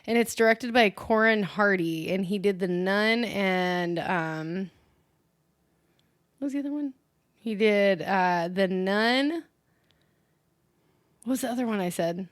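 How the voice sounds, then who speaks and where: A woman's voice: medium pitch, takes it slowly, long pauses, dry recording, clean studio sound. Chatty young woman reviewing a horror film. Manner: chatty, with many filler ums. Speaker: co-host. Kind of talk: casual movie review chat.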